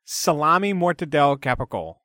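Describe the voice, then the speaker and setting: A man's voice: a little high, very animated, a little fast, sharp tone. A man co-hosting a podcast, talking casually and laughing often. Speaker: podcast co-host. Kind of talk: casual chat.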